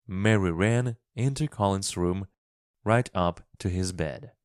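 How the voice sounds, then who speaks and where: A man who tells stories and teaches English, reading a storybook for English learners in a slow, expressive way. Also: sits low, smooth, no echo, studio quality.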